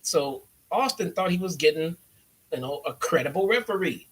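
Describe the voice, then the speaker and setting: A man's voice: a little high, expressive, normal speed, fairly bright tone, breathy edge. A young adult man from the Chicago area giving a loose, sarcastic and profane wrestling review. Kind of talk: casual profane recap.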